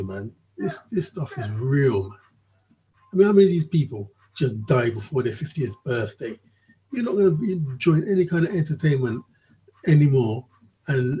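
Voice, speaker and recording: Man, husky raspy voice, dark mellow tone, rambling vlog commentary, swears, keeps asking the listener to agree. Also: mid-range voice, poor audio. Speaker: vlogger. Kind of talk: casual commentary monologue.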